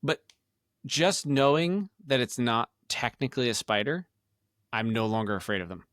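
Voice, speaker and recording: A man co-hosting a podcast in a loose, rambling way, peppering his talk with filler words and swearing. His voice sits at an ordinary middle pitch. The recording is dry and close, with no room sound. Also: moderate pace, a bit bright, dry recording. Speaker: podcast co-host. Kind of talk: casual chat.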